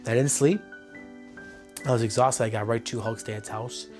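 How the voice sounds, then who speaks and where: A man recounts personal memories in a documentary interview, often quoting what others said. His pitch is ordinary and his speech loose. Music plays under the interview. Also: steady tone, normal speed, darkish tone. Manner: storytelling, retells dialogue, many fillers. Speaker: interviewee telling his story.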